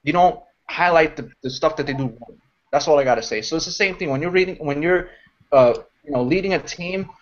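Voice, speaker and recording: Man, team mentor, casual motivational rambler, higher pitch, lo-fi call audio. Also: brisk. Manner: animated, rambling, mocks shouting voices. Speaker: network marketing mentor.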